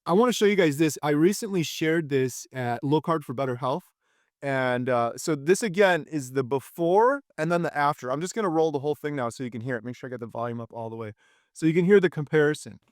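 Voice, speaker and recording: Middle-aged man, channel host, enthusiastic and animated, slightly high voice, dry close sound. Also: brisk, dry recording. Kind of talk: casual video chat.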